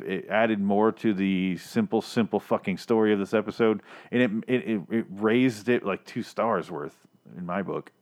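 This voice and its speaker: A man casually reviewing a TV episode, rambling and swearing with frequent restarts. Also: lowish voice. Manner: rambling, profane, many restarts. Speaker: podcast host reviewing a TV episode.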